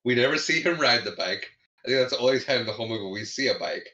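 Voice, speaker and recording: A man's voice: mid-range voice, animated, quick pace, pushed and bright, lo-fi sound. A man co-hosting a podcast, casually recapping a comedy film's plot and chuckling often. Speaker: podcast co-host. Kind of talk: casual movie review chat.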